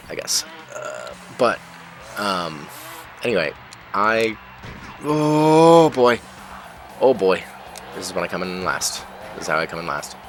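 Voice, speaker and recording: A man giving casual, rambling commentary while playing a racing game, breaking off to react loudly whenever he crashes. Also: low voice. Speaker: gaming channel host. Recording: game music behind voice. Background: game music and engine sounds.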